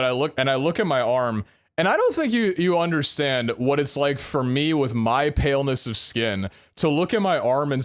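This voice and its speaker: A young adult man streaming live, telling a story casually, full of laughs and casual swearing. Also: fairly high pitch.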